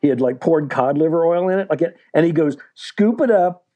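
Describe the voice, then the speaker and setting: A man in his sixties from West Virginia, guest author on an interview, talks fast in a mellow, slightly high voice. He rambles through a story casually, leaning heavily on fillers.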